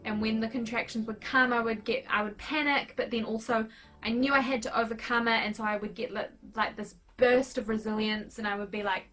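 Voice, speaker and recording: Young NZ woman vlogger, chatty and candid, slightly high voice, music under her. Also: fairly quick. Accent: New Zealand. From New Zealand. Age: 20s. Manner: chatty, candid, animated retelling with acted-out cries. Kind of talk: casual storytelling to camera.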